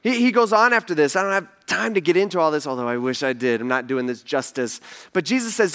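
The speaker is a male pastor whose voice is fairly high, clear and resonant, and he talks at a quick pace. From the church stage he tells his congregation lively stories, peppered with humor and casual side remarks.

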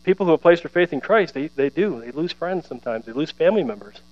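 Animated preaching man, high voice, lo-fi hum. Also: fast. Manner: conversational, animated, laughs often, acts out quoted voices. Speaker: pastor. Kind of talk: sermon. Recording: dull lo-fi sound with mains hum.

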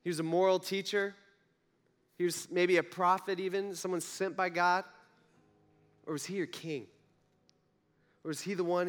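Young male pastor, conversational preacher, slightly high voice, lots of rhetorical questions. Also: fairly even intonation, moderate pace, long pauses, soft background music. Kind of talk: sermon.

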